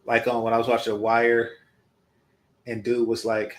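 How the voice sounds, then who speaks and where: A man hosting his own channel, giving casual, rambling commentary with many pauses and restarts. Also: medium pitch, monotone. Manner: hesitant, many ums and restarts. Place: indoors in California.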